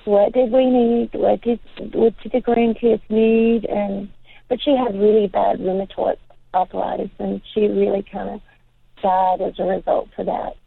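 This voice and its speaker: An older woman talks in a rambling, chatty way, her voice rough with vocal fry. She comes through a thin, phone-like line with a dry, close sound. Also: medium pitch, little pitch movement, measured pace, no echo. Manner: rambling, chatty, full of "you know". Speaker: guest. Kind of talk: casual interview chat.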